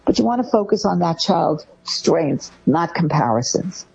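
A woman's voice: fairly low pitch, big pitch swings, measured pace, creaky, darkish tone, slightly rough, muffled recording. A woman hosting a talk show, giving parenting advice and acting out the phrases parents say to their kids. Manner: acts out parents' phrases in a raised voice. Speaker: host.

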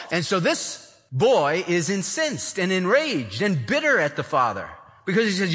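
Animated preacher in an echoing hall. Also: male voice, sits high, measured pace. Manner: acts out the older son's complaints in voices. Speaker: pastor. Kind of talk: sermon.

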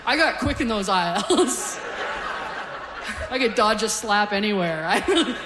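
A woman's voice: medium pitch, expressive, slow, crowd noise. A woman in her forties from Canada doing a conversational, self-deprecating stand-up set, often laughing at her own punchlines. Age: 40s. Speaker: stand-up comedian.

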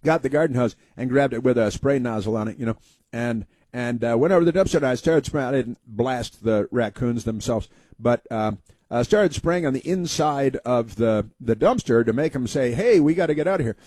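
A talk radio host tells a rambling story in a folksy way, full of fillers and restarts, acting out quoted voices. His voice is medium-pitched and a little mellow, at normal speed, with no room sound.

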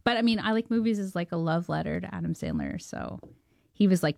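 A Canadian woman filmmaker, a guest in an interview, telling a story with excitement and acting out the voices of the people she quotes. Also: lowish voice, fairly quick, gravelly, dry recording, clean studio sound. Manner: excitable, laughing often, acting out quoted dialogue.

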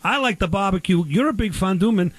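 A brash man hosting a comedy bit. He rattles along fast in a high voice, teasing his guest and rambling on. The sound is dry and close. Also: animated, no room sound. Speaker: host. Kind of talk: comedy bit, mock barbecue show.

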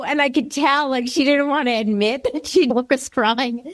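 High-voiced lady host, chatty storytelling, dry close sound. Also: lively intonation, a little slow, dry recording. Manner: chatty, anecdotal. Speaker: interviewer. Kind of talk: interview conversation.

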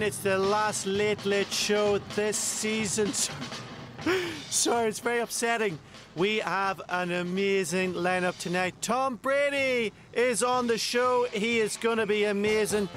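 A man doing a weepy, gushing TV host. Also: high-pitched. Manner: gushing, apologetic, breaking into laughter and tears. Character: tearful, gushing male Irish chat show host. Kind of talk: satirical comedy sketch.

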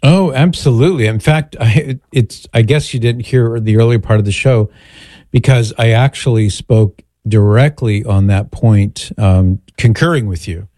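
A man hosting a call-in radio show, talking with a caller in a relaxed, conversational way. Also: fairly low pitch, measured pace, dry recording, studio quality. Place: radio studio.

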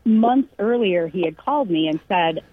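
A middle-aged Californian woman tells a family story in easy, casual conversation, acting out everyone she quotes and laughing along. Her slightly low, husky voice moves at normal speed and comes through dry and boxy over a narrow, phone-like radio line with no room sound.

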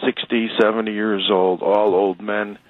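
A man's voice: fairly low pitch, level tone, a little slow, no echo. Man telling a story on a tinny phone line. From Chicago. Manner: chatty, rambling, frequent restarts. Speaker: radio caller. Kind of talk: casual storytelling.

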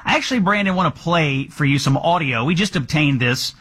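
A man's voice: on the high side, expressive, a little fast, fairly bright tone, husky. A man hosting a political talk show in a sardonic, mocking way. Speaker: host.

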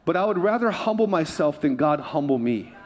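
A male pastor from Hawaii preaching with a fairly high voice. He tells funny stories, repeats his key phrases and asks the congregation to answer him. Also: expressive, brisk. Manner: humorous storytelling with repeated phrases. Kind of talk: sermon.

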